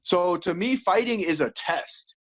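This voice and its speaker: A man, a coach and former fighter, chatting as an interview guest in an animated way, acting out inner voices. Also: high voice, a little slow, slight background noise. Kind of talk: casual interview chat. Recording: dull lo-fi audio.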